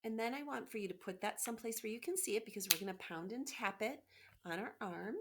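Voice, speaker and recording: A woman teacher giving a remote phonics lesson to children, patient and encouraging, slowly sounding out letters. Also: medium pitch, a bit bright, slight background noise. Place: home, by a window.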